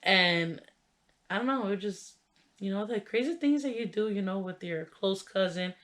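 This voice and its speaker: Young woman rambling thru a funny story on her vlog, lots of likes and you knows, mid pitch. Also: expressive, normal speed, fairly bright tone. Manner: chatty, heavy use of "like" and "you know" fillers; laughs while telling the story. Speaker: vlogger. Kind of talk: casual storytelling.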